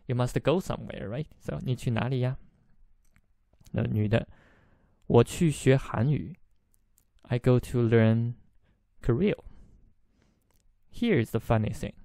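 A man's voice: medium pitch, creaky, warm tone, dry recording. A man whose first language is Chinese teaches a podcast language lesson, explaining patiently, repeating phrases and chuckling now and then.

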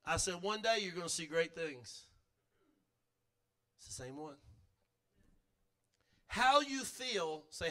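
A middle-aged male pastor preaching fervently in a church, leading the congregation in call-and-response and at times shouting. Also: high-pitched, sing-song, a little slow, long pauses. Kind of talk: sermon. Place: church sanctuary.

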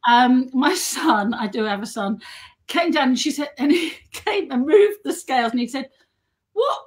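A middle-aged woman telling self-mocking anecdotes in a casual chat, chatty and quick to laugh. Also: sits high, lively intonation. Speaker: guest and model.

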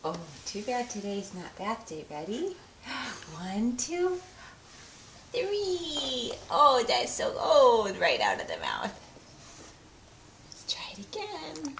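A woman's voice: on the high side, wildly swooping pitch, slow, vocal fry, pauses often, a bit bright. A woman filming her baby's feeding at home, talking to the baby and the dog in a sing-song baby voice with lots of laughter. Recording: echoey room with faint noise.

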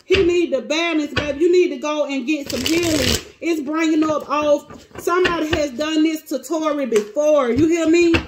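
Speaking at a moderate pace, a woman with a high-pitched voice gives an informal tarot reading full of exclamations and half-finished sentences as she thinks out loud. Clicking noises sound distinctly behind her, and there's background noise.

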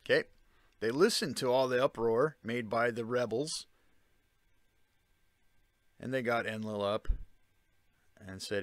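A man's voice: fairly low pitch, fairly even intonation, slow pace, pauses often, smooth, no room sound. A man giving a casual spoken explanation, often checking in with the listener by asking "Okay?" and "Right?". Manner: conversational, with fillers and restarts. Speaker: self-taught commentator on ancient texts.

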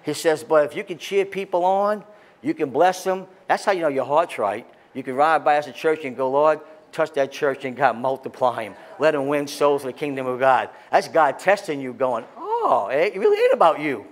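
A man, a pastor, preaching a sermon with impassioned, excitable delivery that swings between loud peaks and quiet scripture reading. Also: a little high, normal speed.

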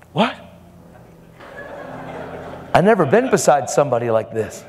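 A man's voice: fairly high pitch, long reverb tail, slight background noise. A man preaching a fervent, emphatic sermon, laughing now and then between points.

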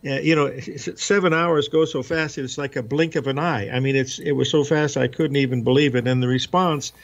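Male guest trader, gravelly, easygoing, lo-fi phone-ish sound. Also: mid-range voice, fairly even intonation, a little fast. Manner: easygoing, many fillers. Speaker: guest trading educator. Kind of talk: radio interview. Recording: dull lo-fi line.

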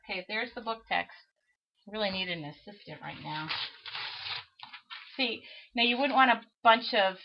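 A woman's voice: medium pitch, vocal fry. A middle-aged woman leading a live craft tutorial, chatty and self-mocking as she talks herself through the work. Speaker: craft demonstrator. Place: craft studio. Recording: dull lo-fi livestream audio with faint hiss.

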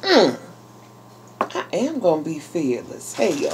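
A woman vlogger chatting casually while unboxing a package, talking excitedly to her viewers. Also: low voice, takes it slowly, a little hiss or hum. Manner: chatty and exclamatory, addressing viewers as y'all. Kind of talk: casual unboxing vlog chat.

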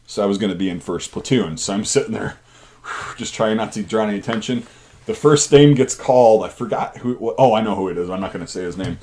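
A man with a lowish, slightly mellow voice talks fast while hosting his channel. He casually tells army stories, rambling and profane.

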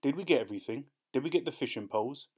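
Gentle soft-spoken dad, read by a man, encouraging tone, storybook. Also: mid-range voice, animated, rapid-fire, breathy edge, pitched above the performer's own voice. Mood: upbeat. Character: patient, gentle dad on a fishing trip.

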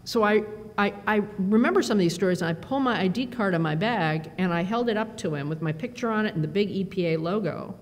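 A woman giving a conference talk, telling lively self-deprecating stories with quoted dialogue into a podium microphone. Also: fast talker, few pauses. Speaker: conference speaker. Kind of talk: storytelling keynote speech. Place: large conference hall. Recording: reverberant hall with faint rumble.

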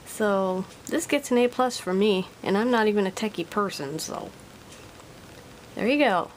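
A woman's voice: mid-range voice, lively intonation, moderate pace, rough recording. Woman, casual product review, home desk, chatty, giggly, self-deprecating, faint background noise.

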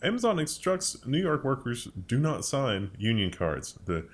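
A man's voice: medium pitch, sing-song, moderate pace. A man co-hosting a tech news show, reading headlines and then riffing on them sarcastically. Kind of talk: casual tech news chat.

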